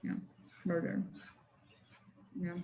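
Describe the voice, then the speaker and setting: Woman teaching English patiently. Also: phone-quality sound. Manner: patient, explains slowly and checks for understanding.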